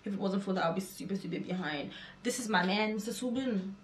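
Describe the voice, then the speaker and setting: A woman hosting a reaction video, chatting excitedly and repeating words in quick bursts. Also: mid-range voice, a little hiss or hum. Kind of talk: casual reaction commentary. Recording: echoey room with music behind. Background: music video playing.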